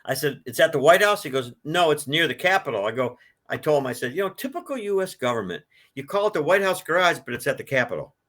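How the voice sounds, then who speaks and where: An older man tells a long, rambling story in a relaxed interview. His voice is bright and forceful, and he jumps into other people's voices when he quotes them. The delivery is loose and chatty, with lots of restarts. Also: a little high, quick pace. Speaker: guest, collector of a presidential car.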